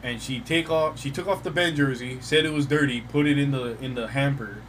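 A man's voice: mid-range voice, brisk, a bit bright, low-quality recording. Profane storytelling man, faint background hum. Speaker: podcast co-host. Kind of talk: casual chat.

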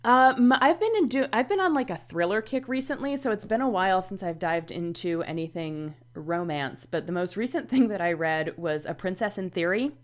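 A woman's voice: mid-range voice, expressive, moderate pace, few pauses. A woman chatting casually about books, rambling with lots of fillers.

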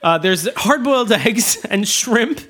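A podcast co-host in casual film discussion, chatty, with quick asides and corrections. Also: medium pitch, expressive, a bit bright.

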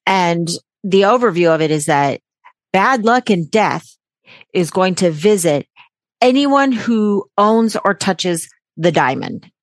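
Woman podcast host, mid-pitched, brash and profane, casual banter, dry close mic. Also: lively intonation, slow, no echo. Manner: brash, jokey, swears freely with sarcastic asides.

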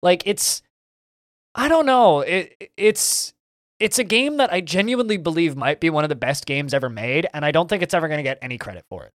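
A podcast co-host, a man with a slightly higher voice, chatting eagerly about games in a rambling way. He keeps stumbling and restarting mid-sentence. The recording is close and dry, with no room sound. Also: lively intonation, rapid-fire, hardly any pauses, a bit bright, dry recording. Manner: rambling and enthusiastic, with frequent stammered restarts. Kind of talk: casual chat about video games.

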